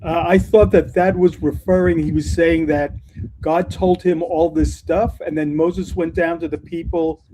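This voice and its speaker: Mellow-voiced man student on a video call. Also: a little high, little pitch movement, a little slow, slight background noise, rough recording. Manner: thinks out loud, apologetic. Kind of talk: class discussion.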